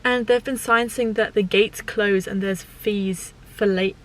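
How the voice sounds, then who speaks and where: A young woman talking casually to her camera in a vlog, chatty and excitable. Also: mid-range voice, unhurried, low-quality recording. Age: young adult. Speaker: vlogger. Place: van and outdoors. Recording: loud background music.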